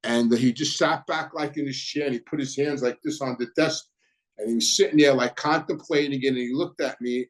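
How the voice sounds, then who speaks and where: A man's voice: medium pitch, steady tone, fairly quick, rough recording. A middle-aged man hosting his own channel, recounting his past in a casual, rambling monologue full of repeats and "you know"s.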